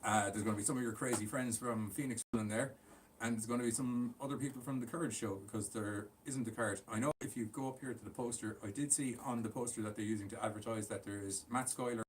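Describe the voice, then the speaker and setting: A man's voice: mid-range voice, fairly even intonation, fast talker. A man co-hosting a wrestling podcast, joking and talking offhandedly. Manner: joking, does mock voices, offhand. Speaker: podcast co-host. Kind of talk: casual wrestling chat. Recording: distant mic with faint ambient noise.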